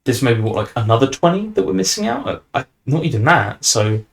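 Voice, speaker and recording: A man's voice: medium pitch, sing-song, brisk, creaky. A young man hosting a podcast, chatting casually and rambling with fillers and restarts. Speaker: podcast host. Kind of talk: casual chat.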